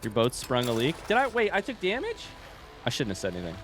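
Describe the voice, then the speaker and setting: A man's voice: mid-range voice, huge pitch swings, fast talker, over music. A man streaming a game live, chatting casually and rambling to his viewers. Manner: rambling, chatty, addresses chat directly. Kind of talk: casual livestream chat while gaming.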